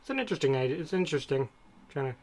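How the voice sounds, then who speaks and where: A man's voice: fairly high pitch, sing-song, very fast. Rambling man in casual chat. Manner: rambling, digressive storytelling. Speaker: podcast co-host.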